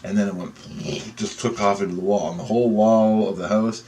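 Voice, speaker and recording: A man telling a dream story in an excitable, rambling way, swearing often and restarting sentences. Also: fairly low pitch, a little fast, slight background noise.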